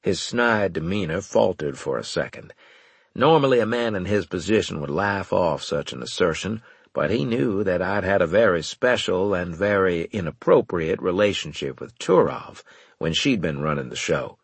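A man narrating a first-person audiobook with wry, lively storytelling. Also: low voice, normal speed, gravelly, husky, no room sound.

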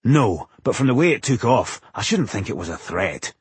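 A man's voice: mid-range voice, very animated, normal speed, slightly rough, no room sound. A male narrator voicing a level-headed male dwarf warrior with a dry, joking manner. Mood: practical. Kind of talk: audiobook character voice.

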